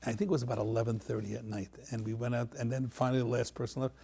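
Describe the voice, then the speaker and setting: A man telling a heartfelt personal story on a panel, animated and repeating phrases as he acts out the people in it. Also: medium pitch, rapid-fire, vocal fry, breathy edge. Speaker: panel guest.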